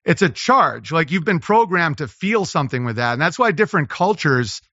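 A man, a comedian, talking casually as a podcast guest, rambling and riffing with quick impressions. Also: on the high side, very animated, sharp tone, dry recording, muffled recording. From Los Angeles.

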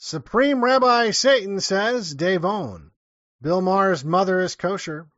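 A man's voice: sits high, lively intonation, unhurried, fairly bright tone, dry recording. A man hosting a livestream and casually reading out viewer messages, talking in an offhand, rambling way. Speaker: livestream host. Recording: dull lo-fi dry sound.

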